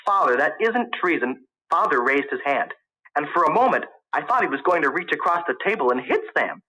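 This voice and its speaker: A man reading a chapter aloud in plain first-person storytelling. His voice is bright and fairly high for a man, with a lively, varied melody. It sounds like a steady audiobook read. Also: brisk, rough recording. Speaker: narrator. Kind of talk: audiobook narration.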